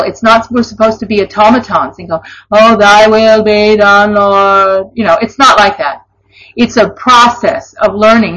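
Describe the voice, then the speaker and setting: A woman's voice: medium pitch, fairly bright tone. Earnest woman teaching faith, lo-fi sound. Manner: earnest, conversational, laughing asides. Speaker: Christian teacher. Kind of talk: informal devotional teaching. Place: online or broadcast session. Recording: dull lo-fi recording.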